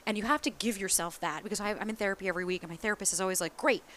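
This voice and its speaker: A woman in her thirties who talks fast and candidly in a relaxed podcast chat. She is animated, swears freely and slips into the voices of people she quotes. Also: mid-range voice. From East Coast of the US. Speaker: small business founder. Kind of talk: casual podcast conversation.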